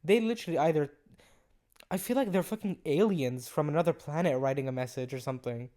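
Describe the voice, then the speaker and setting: A young adult hosts a podcast, reading messages aloud and picking them apart with casual, profane sarcasm. The voice sits in a middle pitch, and the disbelief comes through in the delivery. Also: quick pace, warm tone. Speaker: podcast host.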